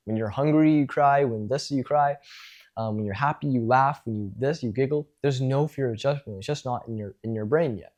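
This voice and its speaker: A man's voice: mid-range voice, darkish tone. A man teaching social skills in a casual spoken lecture, talking things through and demonstrating tones of voice.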